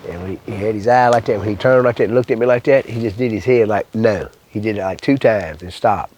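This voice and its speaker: A man's voice: fairly low pitch, fast talker, a little mellow, slight background noise. An older man from Louisiana with a bayou accent, telling a rambling, folksy story full of swearing in an interview. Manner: rambling, folksy, swears often, acts out voices.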